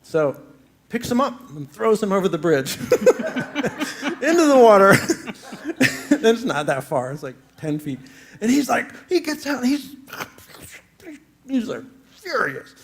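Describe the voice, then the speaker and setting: A man's voice: sits high, very animated, measured pace, creaky, pauses often. A middle-aged man, a singer-songwriter and spiritual teacher, rambling through a story between songs with many fillers and frequent laughs. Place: spiritual center stage.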